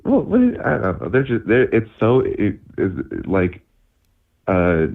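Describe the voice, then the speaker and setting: A man's voice: on the low side, huge pitch swings, a little slow, gravelly. A young man calling in on a phone line, chatting casually in a rambling way, laughing often and saying "like" and "dude" a lot. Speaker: caller.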